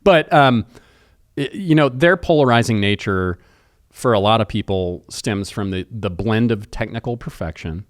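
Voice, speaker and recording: A man's voice: on the low side, normal speed, no echo, clean studio sound. A man co-hosting a podcast, chatting casually and thoughtfully about music, rambling with restarts. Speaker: podcast co-host.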